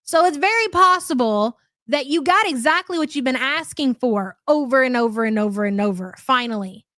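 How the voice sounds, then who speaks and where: A woman's voice: high voice, animated, moderate pace, fairly bright tone, dry recording, studio quality. A woman hosting a live commentary stream, chatty and sarcastic as she reacts to clips and thanks viewers. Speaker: livestream commentary host.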